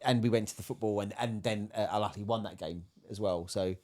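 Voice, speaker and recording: A man's voice: lowish voice, a little fast, darkish tone. A man talking in a casual podcast chat, telling travel stories in a reflective way. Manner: reflective, storytelling.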